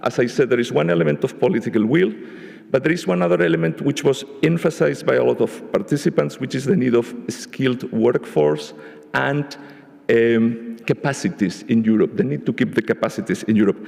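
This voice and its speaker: A man giving a measured spoken summary of a panel discussion at a conference, often restarting his phrases. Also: medium pitch, gravelly, darkish tone. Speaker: panel rapporteur. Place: large conference hall. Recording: echoey conference hall.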